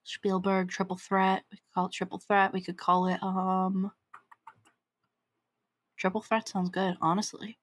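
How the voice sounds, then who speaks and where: Young female podcast co-host, mid pitch, rambling giggly delivery. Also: flat delivery, measured pace, long pauses. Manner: rambling, giggly, lots of fillers. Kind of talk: casual chat.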